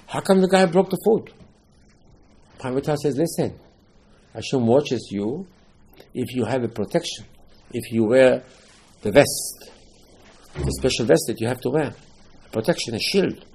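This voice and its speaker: A man's voice: mid-range voice, expressive, normal speed, pauses often, a little mellow, a little hiss or hum. A man teaching a Torah lesson about Passover night, telling stories emphatically and repeating phrases for stress.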